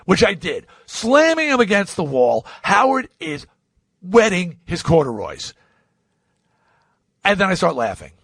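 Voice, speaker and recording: Lively man from Long Island telling a story. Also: no room sound. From Long Island, New York. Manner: acts out quoted voices with swings in pitch and loudness; rambling, with many restarts and asides. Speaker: podcast host. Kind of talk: animated anecdote storytelling.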